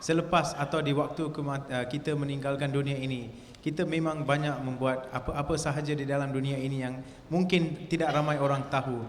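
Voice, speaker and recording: Fast-talking man interpreting in a hall. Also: medium pitch, flat delivery, slight background noise. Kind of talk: live interpretation of a lecture. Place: hall with an audience. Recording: echoey hall recording.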